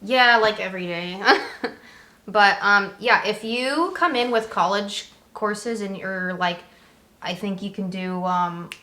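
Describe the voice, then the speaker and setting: A woman's voice: medium pitch, slow pace, pushed and bright, reverberant. A young woman co-hosting a casual chat, giving frank, practical advice about Navy life. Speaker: Navy veteran co-host.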